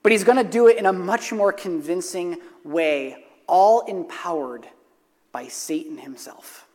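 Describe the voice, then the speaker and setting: Brief: an earnest male pastor with a high voice, preaching a sermon in a reverberant church sanctuary. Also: unhurried, a little mellow. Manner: earnest, repeats key phrases for emphasis. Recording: long hall reverb.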